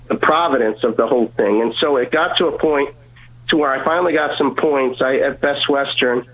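A man's voice: on the high side, a bit bright, poor audio. A man as an interview guest, giving an earnest personal testimony and often stumbling over repeated words.

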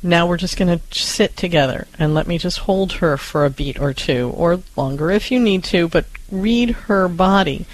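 A co-host on a parenting advice show, speaking in a reassuring, calm and measured way. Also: medium pitch, low-quality recording. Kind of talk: advice talk show discussion.

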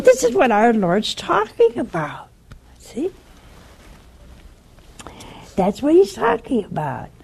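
On her religious video show, an older woman shares stories in a loose sermon, speaking slowly and teasing viewers with questions. Her voice is fairly high, creaky, and mellow, with a breathy edge.

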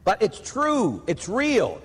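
A man's voice: sits high, wildly swooping pitch, slow, breathy edge. A man from Pittsburgh, a priest, preaching a conversational sermon full of plainspoken stories. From Pittsburgh, USA. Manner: storytelling, anecdotal and plainspoken. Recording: long hall reverb.

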